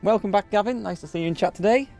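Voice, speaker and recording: A man's voice: sits high, very fast, creaky, a little mellow, faint music behind. A man streaming a game live from indoors at home, chatting in an upbeat way and thinking aloud as he plays. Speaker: gaming streamer.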